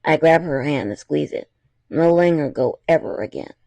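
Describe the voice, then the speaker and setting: A man's voice: on the high side, lively intonation, normal speed, vocal fry, a little mellow, no echo. A man reading fan fiction aloud, with chatty, apologetic asides between the passages.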